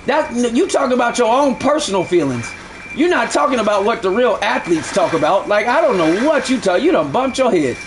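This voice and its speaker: High-pitched male streamer, heated profane rant at viewers, repeats lines, faint background hum. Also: very animated, brisk. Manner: heated, repetitive, profane arguing. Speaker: live game streamer. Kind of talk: ranting at live chat during a stream.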